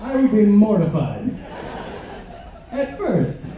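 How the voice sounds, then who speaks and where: High-voiced with big pitch swings, a comedian and musician takes his time telling absurd stand-up jokes full of hesitant fillers in a large ship theater. Some chatter and slight background noise can be heard, and since a camera far from the stage catches his stage mic, the sound is echoey, distant and tinny.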